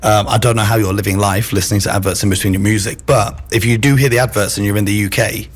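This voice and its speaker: Husky man, animated and opinionated. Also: fairly low pitch, fast talker. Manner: animated, opinionated, laughs often. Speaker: podcast guest, basketball game marketer. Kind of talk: casual podcast chat.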